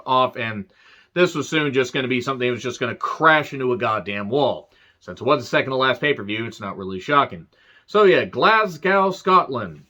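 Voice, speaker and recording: A man's voice: medium pitch, sharp tone, muffled recording. A man giving a casual, rambling review rant, sarcastic and full of swearing. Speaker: wrestling show reviewer.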